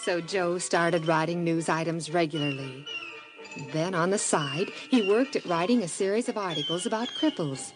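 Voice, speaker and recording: Calm woman narrating over music. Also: lowish voice. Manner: calm, measured. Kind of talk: scripted storytelling narration. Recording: music under the voice.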